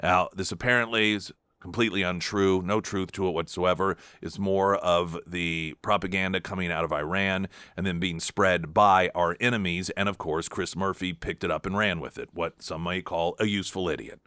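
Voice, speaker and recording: A man's voice: low-pitched, fairly even intonation, normal speed, hardly any pauses, pushed and bright, clear, resonant tone, dry recording, clean studio sound. A man hosting a talk radio show, delivering an emphatic, combative political monologue with sarcastic asides.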